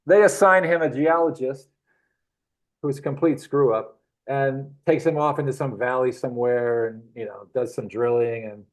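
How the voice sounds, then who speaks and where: A man's voice: medium pitch, moderate pace, poor audio. Chuckling man spinning rambling stories. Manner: animated, chuckling, rambling anecdotes. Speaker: guest. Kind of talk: casual storytelling.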